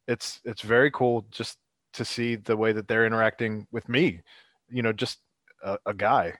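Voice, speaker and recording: A man talking casual sports chat, excitable and full of fillers, laughing often between thoughts. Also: fairly low pitch, normal speed, no room sound.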